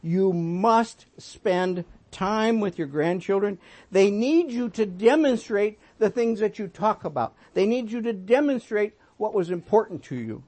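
A sixty-something man delivers a sermon with a naturally high voice. He tells folksy stories and moves between emphatic exhortation and quiet, gentle asides. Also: expressive, a little slow. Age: 60s. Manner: folksy storytelling, swinging between emphatic and soft. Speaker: pastor.

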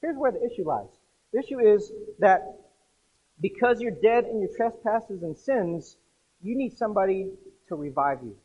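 A man preaching a casual sermon to a group, chatty and animated, acting out voices in his stories. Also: sits high, normal speed, husky, highs cut off. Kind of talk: conversational sermon.

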